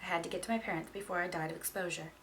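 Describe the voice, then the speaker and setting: Woman with a gravelly reading voice. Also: lowish voice, steady tone, very fast, a bit bright, slight background noise. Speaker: audiobook reader. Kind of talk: storybook reading.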